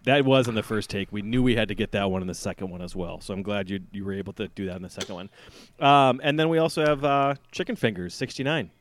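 A man's voice: lowish voice, fast, slight background noise. A man hosting a casual podcast chat, rambling and joking at his own expense. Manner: rambling, joking, self-deprecating. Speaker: podcast host.

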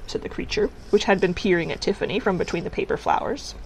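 Woman narrator, storybook reading, measured delivery. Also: medium pitch, in a whisper, rough recording. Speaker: audiobook reader.

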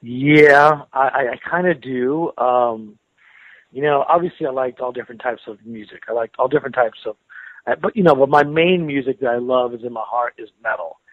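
A man, a metal guitarist, talking in a relaxed, rambling way in a casual interview, with restarts and soft laughs. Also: medium pitch, moderate pace, no echo. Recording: tinny phone line.

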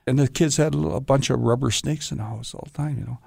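A stunt performer in an interview, telling long rambling stories in a casual way and often saying "you know". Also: male voice, mid-range voice, fast talker, vocal fry, a little mellow, dry recording, clean studio sound.

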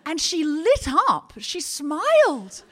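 A woman's voice: sits high, huge pitch swings, slow. A woman hosting a comedy podcast who tells a comic story in a playful, mock-dramatic way.

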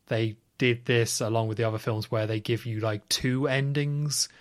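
A man co-hosting a podcast, casually recapping a film scene by scene with quick asides. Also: mid-range voice, little pitch movement. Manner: retells scenes at length, chatty with quick asides. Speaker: podcast co-host.

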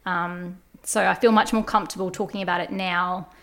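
A woman's voice: on the low side, steady tone, a little fast. A woman guest on a podcast, telling a personal story in an earnest, reflective way. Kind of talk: candid conversational storytelling.

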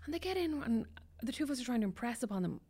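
Fast-talking woman telling stories. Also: a little high, breathy edge. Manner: fast, chatty storyteller with lively quoted asides. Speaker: podcast guest. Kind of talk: casual chat.

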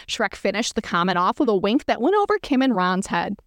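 A woman's voice: medium pitch, very animated, fairly quick, few pauses, no room sound, clean studio sound. A woman podcast host reading fan fiction aloud for comedy, breaking off for self-aware asides.

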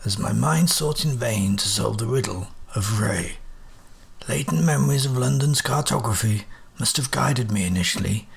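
A man's voice: medium pitch, normal speed, gravelly, slightly rough. A man playing a dry, sardonic detective. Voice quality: dry, clipped, precise Victorian diction. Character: aloof, sardonic male detective, cool and precise.

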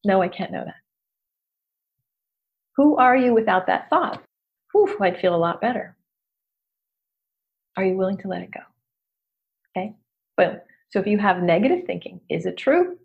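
A middle-aged woman business coach speaks casually and openly, poking fun at her own mistakes. Her delivery is animated and she laughs often, with a voice pitched in the middle range for a woman. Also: normal speed, vocal fry, long pauses, highs cut off. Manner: candid, animated, self-deprecating, laughs often. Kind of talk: casual motivational talk.

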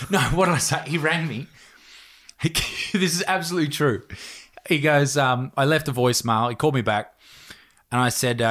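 A man's voice: medium pitch, moderate pace, long pauses, a bit bright. A man spinning a story in casual podcast chat, with a mid-range voice. He swears freely and laughs often as he goes.

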